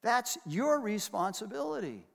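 A man's voice: sits high, big pitch swings, unhurried, vocal fry. An older man preaching a sermon as pastor, emphatic and repeating key phrases for weight. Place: church hall. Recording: reverberant hall.

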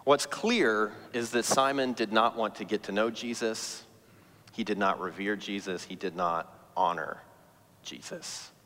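A man's voice: lowish voice, a little slow, fairly bright tone, in a large hall. A man preaching a sermon as pastor, telling the story with emphatic, rising stress.

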